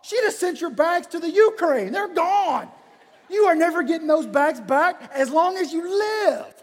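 A man's voice: very high-pitched, expressive, unhurried, long reverb tail, voice pushed up. A man voicing a blunt, no-nonsense father who scolds his grown son. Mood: exasperated. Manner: exasperated, plainspoken.

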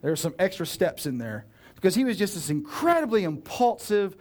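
A man's voice: sits high, very animated, fairly quick. A male pastor preaching a sermon in a casual, joking way, with playful asides and acted-out dialogue.

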